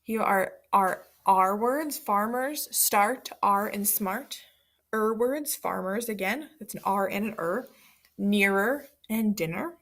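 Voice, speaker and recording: A woman's voice: mid-range voice, takes it slowly, a bit bright. A woman teacher leading a second-grade reading lesson, explaining words and reading a story aloud.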